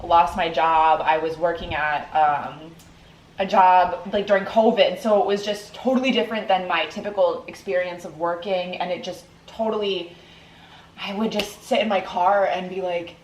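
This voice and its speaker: A woman's voice: fairly low pitch, steady tone, normal speed. A young woman podcast host telling a personal story in a casual, chatty way, with lots of "like" fillers. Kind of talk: casual chat. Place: indoors in Hawaii. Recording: roomy echo with faint noise.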